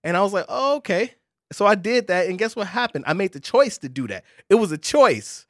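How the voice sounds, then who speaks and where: A man with telling a lively faith story in casual podcast chat, acting out voices and laughing often. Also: high-pitched, a little fast, no room sound, studio quality.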